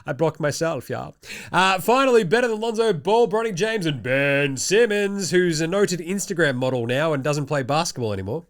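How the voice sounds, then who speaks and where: A young man with an Australian accent runs through the day's basketball in a loose, irreverent commentary style. He jokes and swears freely. His voice sits a touch high for a man. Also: normal speed, few pauses. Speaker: basketball show host. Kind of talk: casual sports commentary.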